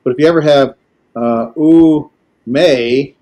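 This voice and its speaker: A man teaching a language class, lecturing in a halting way with many filler pauses. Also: a little high, mellow. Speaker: Greek teacher.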